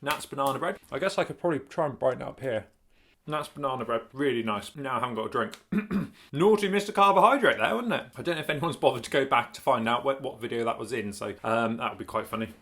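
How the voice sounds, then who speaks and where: A man's voice: medium pitch, quick pace, fairly bright tone. Guy chatting to camera, rambly, keeps laughing at himself. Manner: rambling, laughing, self-correcting. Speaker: cycling vlogger. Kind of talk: casual chat to camera.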